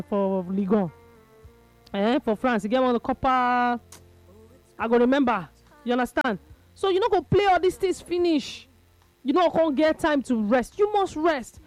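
Nigerian female sports radio host, conversational, higher-pitched, light music bed. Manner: conversational, mixes Pidgin with English. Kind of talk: radio call-in sports talk.

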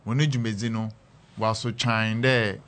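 A man with a Ghanaian accent hosting a live radio talk show from a studio, slipping between English and Fante in a drawn-out announcer style. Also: lowish voice, fairly even intonation, fairly bright tone. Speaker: radio host.

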